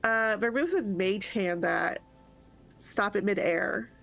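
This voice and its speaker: A woman player at a tabletop game, describing what her character does. She speaks at a middle pitch and an ordinary pace, pausing with fillers as she thinks. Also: creaky, fairly bright tone, soft background music, poor audio. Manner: hesitant, with fillers.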